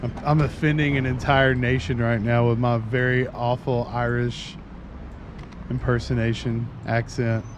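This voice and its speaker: A talkative man in his thirties chats with his stream chat while he plays, rambling along at an unhurried pace. His voice sits at a middling pitch, and steady noise hums under the audio. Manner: chatty, rambling, self-described talker. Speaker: game streamer. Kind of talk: casual chat while playing.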